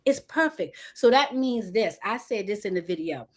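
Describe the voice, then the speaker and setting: Talking at normal speed into a phone or webcam, this motivational speaker hosts an energetic live session full of "y'all this, y'all that." She's animated and passionate, bouncing with expression and leaping in pitch as she addresses her viewers.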